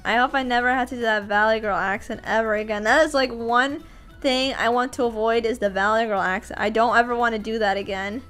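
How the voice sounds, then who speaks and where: With faint, soft music behind her, a streamer who does voice acting talks casually about her work on a livestream. Her high-pitched voice is clear, resonant, and brisk; she's animated, laughs a lot, and often restarts sentences partway through.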